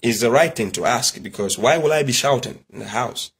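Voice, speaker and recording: A man's voice: mid-range voice, lively intonation, a little fast, a bit bright, slightly rough. A middle-aged man lecturing in an emphatic way, firing rhetorical questions and telling family stories. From Nigeria. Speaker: religious commentator. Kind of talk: preachy monologue.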